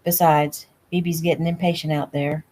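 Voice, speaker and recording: A woman's voice: sits low, level tone, moderate pace, warm tone, a little hiss or hum, close to an everyday voice, low-quality recording. A woman reading the lines of an easygoing, teasing young rancher man, in a casual audiobook reading at home. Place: home room.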